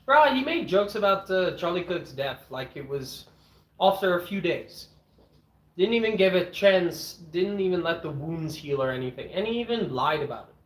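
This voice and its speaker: A man streaming from home with his dogs, chatting casually as he eats, blunt and opinionated, clearing his throat often. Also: sits high, lively intonation, normal speed. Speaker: streamer eating on camera and answering chat. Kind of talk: casual rambling chat and rant. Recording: echoey room.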